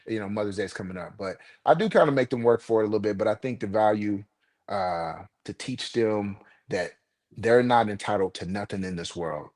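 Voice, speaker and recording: A middle-aged man with a somewhat low voice speaks earnestly about parenting. His casual podcast talk leans into lecturing on values. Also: a little fast, darkish tone. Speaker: podcast co-host. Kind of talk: casual chat.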